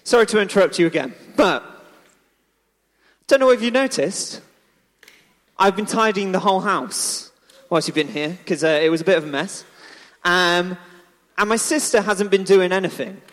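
Frantic fussing hostess, played by a man, high and flustered, hall reverb. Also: a bit bright. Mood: aggrieved. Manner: shrill panicky rapid-fire questions. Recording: echoey hall.

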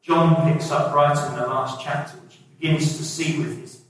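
A man's voice: a little high, steady tone, normal speed, fairly bright tone. A middle-aged man preaching a sermon in a conversational way, putting questions to the congregation. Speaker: pastor. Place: church hall. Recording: echoey hall, voice from a distance.

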